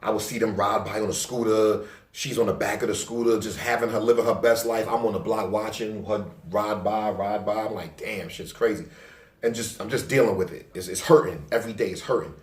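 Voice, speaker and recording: Low-voiced New man telling a story. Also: fairly even intonation, fairly quick. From Staten Island, New York. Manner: loose, profane street talk, acting out his own past lines louder. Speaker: vlogger. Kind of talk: casual personal storytelling. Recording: roomy, distant from the mic.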